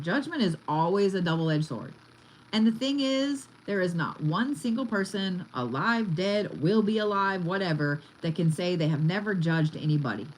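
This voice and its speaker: A woman's voice: lowish voice, slight background noise, rough recording. A woman giving a casual card reading, chatty and blunt, swearing freely as she talks. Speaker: tarot reader.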